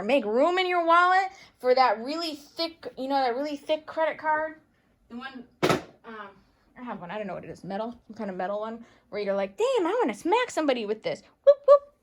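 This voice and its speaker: A woman giving a casual tarot reading to camera, animated and playful, calling her viewers darling and baby, with bright bursts and low muttered asides. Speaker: tarot reader and channel host.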